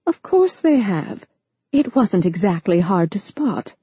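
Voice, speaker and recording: A woman narrator voicing a gentle, loving elderly grandmother who speaks in a soothing, patient way. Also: mid-range voice, very animated, slow pace, breathy edge, no echo, muffled recording, heavily acted.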